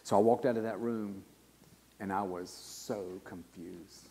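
A man, preaching a sermon and telling a personal story, his voice swinging from hushed to loud. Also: fairly low pitch, steady tone, unhurried. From South Carolina. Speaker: guest preacher. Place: church sanctuary. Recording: long church reverb.

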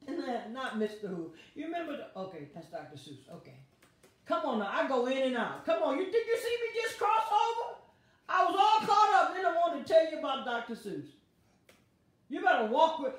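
A woman pastor teaches an online Bible study in exuberant call-and-response. Her high voice swoops widely and she laughs often. The sound is very echoey and picked up from across the room. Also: big pitch swings, normal speed, long pauses. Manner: exuberant, laughing, calls out congregants by name. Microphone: device streaming to viewers online. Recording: very echoey, heard from a distance.

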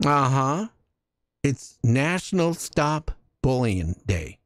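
A man hosting a casual talk radio show, telling jokey stories with lively energy. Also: mid-range voice, slow, dry recording, clean studio sound. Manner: animated storytelling, jokey.

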